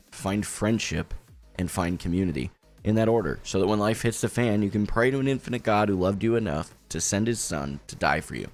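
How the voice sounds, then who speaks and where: A young man live-streaming with a headset, chatting casually and making an earnest, encouraging pitch to his community. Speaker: gaming streamer.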